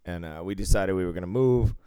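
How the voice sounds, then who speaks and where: A man's voice: sits low, quick pace, dark tone, smooth, dry recording. A man from the Northeastern US telling a rambling, profane road-trip story in casual podcast chat. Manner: rambling, profane, laughs through stories.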